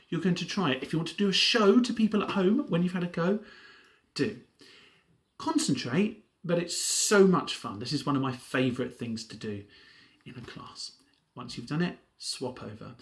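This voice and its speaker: A man leading a home drama workshop, talking in a lively, playful way and slipping into mock TV-presenter and character voices. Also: fairly high pitch.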